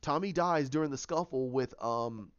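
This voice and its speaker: A fan show host casually recaps a TV season, rambling with lots of restarts and fillers. His mid-range voice is smooth at normal speed, with no room sound but a dull, lo-fi quality.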